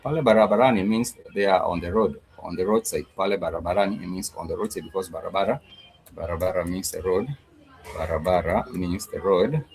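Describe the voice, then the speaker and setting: A man teaching a language lesson in a slow, repetitive way, with many fillers and pauses. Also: low voice, creaky, a little mellow, slightly rough, rough recording. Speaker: Swahili teacher.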